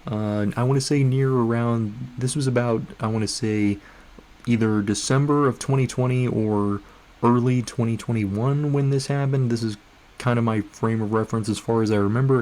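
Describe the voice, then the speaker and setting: A young adult male YouTuber telling a story in a relaxed, wry, conversational way. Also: lowish voice. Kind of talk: storytime narration.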